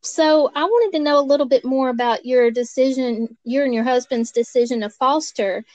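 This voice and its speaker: A woman's voice: high-pitched, normal speed, darkish tone, dry recording. A woman with a Southern accent hosting a casual interview, friendly and encouraging as she asks questions. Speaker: interview host. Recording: dull lo-fi audio.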